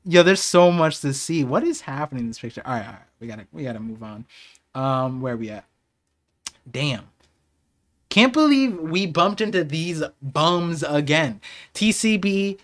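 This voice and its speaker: Excitable man reacting live on stream. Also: fairly high pitch. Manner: excitable, laughing, swings to subdued reflection. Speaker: streamer reacting to a manga chapter.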